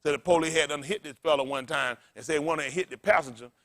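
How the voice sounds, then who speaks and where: A man's voice: fairly high pitch, quick pace. A man preaching a sermon as pastor, blunt and profane, drawing answers from the congregation and often laughing. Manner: loud call-and-response preaching, blunt and profane.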